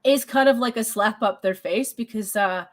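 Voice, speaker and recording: A woman's voice: mid-range voice, normal speed. A woman from Quebec with a Québécois French accent, co-hosting a casual podcast and explaining things with hesitant restarts. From Quebec, Canada. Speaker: co-host.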